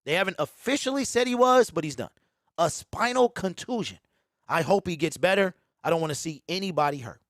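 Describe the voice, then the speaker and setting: A man's voice: high-pitched, expressive, brisk, a bit bright, no echo, studio quality. A man hosting a sports talk show, talking emphatically and repeating his points over and over. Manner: emphatic, repeats lines, mocking quoted voices. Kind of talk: animated sports talk monologue.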